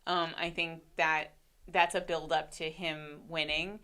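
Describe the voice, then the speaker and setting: A woman co-host talks casually, full of ums and likes. Her voice is bright and smooth, sitting a little low for a woman. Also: level tone, unhurried. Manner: chatty, lots of ums and likes. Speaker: podcast co-host. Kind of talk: casual chat.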